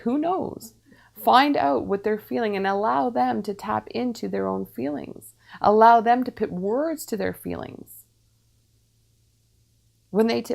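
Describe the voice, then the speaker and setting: A woman speaking as a medium, giving channeled spiritual teaching in a measured way, repeating her phrases with calm pauses. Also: mid-range voice, creaky.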